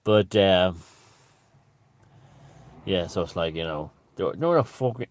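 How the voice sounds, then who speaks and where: A man's voice: sits low, expressive, normal speed, pauses often, dry recording. A middle-aged Irish man giving a profane, sarcastic ranting monologue, full of "you know". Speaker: satirist.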